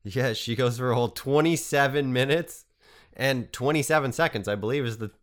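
A man co-hosting a podcast, chatting casually about a novel in a relaxed, agreeable way. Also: mid-range voice, brisk. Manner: relaxed, agreeable, mostly short replies. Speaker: podcast co-host. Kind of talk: casual book discussion.

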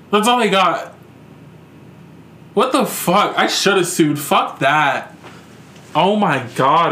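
A young man with a notably high voice tells a story on his podcast, cursing freely and sounding animated and exasperated. His voice carries a clear room echo. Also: slow. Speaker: podcast host. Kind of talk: casual storytelling. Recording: echoey room.

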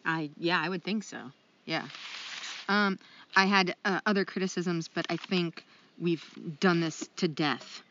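A woman's voice: lowish voice, steady tone, a little slow, fairly bright tone, lo-fi sound, slight background noise. A woman co-hosting a casual podcast, chatty and self-deprecating, with lots of ums. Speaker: podcast co-host.

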